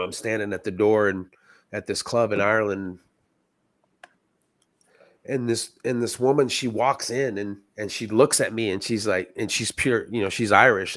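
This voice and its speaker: A man's voice: lowish voice, a bit bright, no echo, studio quality. A man from Texas, a guest sounding stuffy from a cold, telling stories in an earnest, reflective way. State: stuffy, sick. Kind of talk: casual chat.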